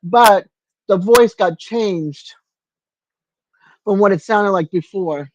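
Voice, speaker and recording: A man's voice: sits high, slow, low-quality recording. An older man hosting a casual livestream from his apartment, answering viewers by name in a chatty way. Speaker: livestream host.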